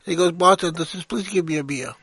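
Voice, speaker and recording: Older male co-host, higher register, rambling joke-teller, dry close mic. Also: a little fast, a bit bright, husky, no echo. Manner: tells long dirty jokes with acted-out voices. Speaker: co-host and engineer. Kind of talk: casual joke-telling chat.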